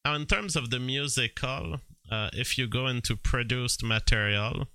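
A man's voice: mid-range voice, normal speed, pushed and bright. A man streaming live, commenting on AI-made songs, reading out chat messages and laughing often as he talks. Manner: chatty, laughs often, imitates sounds playfully.

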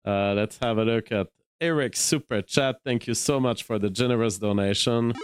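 A man from Quebec, a native French speaker with a Quebec French accent, hosting a live stream and thinking aloud in a measured way with frequent restarts. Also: fairly low pitch, smooth, no echo. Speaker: livestream host. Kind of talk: live-stream commentary, reading super chats.

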